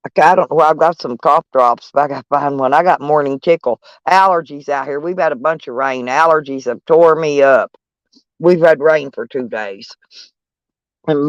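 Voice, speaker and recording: A woman's voice: low-pitched, no echo, highs cut off. A woman, chatting to her viewers from inside her van in a rambling, folksy and salty way. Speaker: vlogger. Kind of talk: casual rambling chat to viewers.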